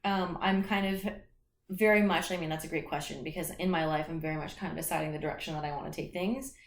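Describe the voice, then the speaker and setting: A woman's voice: low voice, steady tone, quick pace, reverberant. A woman in her late twenties, a soccer player and coach, chatting casually as an interview guest and filling her talk with "like" and restarts. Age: late 20s. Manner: talkative, many "like" fillers and restarts.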